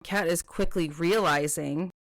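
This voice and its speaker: A woman's voice: lowish voice, measured pace, dry recording. A young woman co-hosting a casual book podcast, chatting loosely with lots of fillers and quoting characters as she goes. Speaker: podcast co-host.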